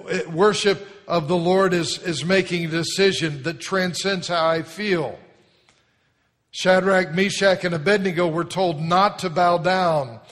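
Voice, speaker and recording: A man's voice: high-pitched, a bit bright, big-room sound. A man preaching a sermon as pastor of a church, speaking emphatically and leading the congregation to repeat phrases after him. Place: church sanctuary.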